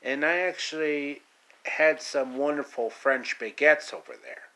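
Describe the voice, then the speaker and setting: Slow-talking man telling a story. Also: a little high, sharp tone. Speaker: storyteller, channel host. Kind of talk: casual home-made storytelling.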